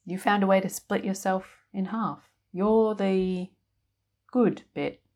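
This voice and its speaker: A woman's voice: medium pitch, fairly even intonation, takes it slowly, a little mellow. A woman voicing a blunt, weary laundromat keeper with second sight, speaking in short, curt commands. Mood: stern.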